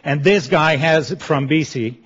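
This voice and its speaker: A middle-aged man from Quebec with a Quebecois French accent, giving a personal Christian testimony in an earnest, halting way with many restarts. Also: on the high side, a bit bright, husky. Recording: dull lo-fi sound.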